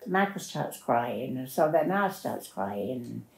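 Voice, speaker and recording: A woman's voice: extremely low pitch, big pitch swings, takes it slowly, vocal fry. An older woman, telling her life story in a plain-spoken, rambling way as an interviewee. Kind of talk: personal storytelling. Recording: roomy echo.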